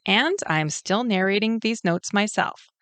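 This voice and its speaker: A woman's voice: mid-range voice, animated, a little slow, fairly bright tone, no room sound. A woman author with a Canadian accent reading her own author's note with friendly, self-deprecating humor. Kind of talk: author's note, read aloud.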